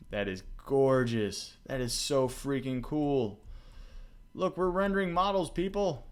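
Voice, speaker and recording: Excitable man hosting a coding tutorial. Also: lowish voice. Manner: excitable, laughs often, talks to himself while coding. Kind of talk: casual screen-recorded coding tutorial.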